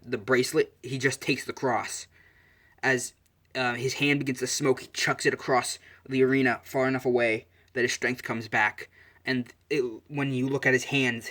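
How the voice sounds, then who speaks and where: A man's voice: medium pitch, a bit bright. A man telling an improvised fan-fiction story, rambling with fillers and self-corrections.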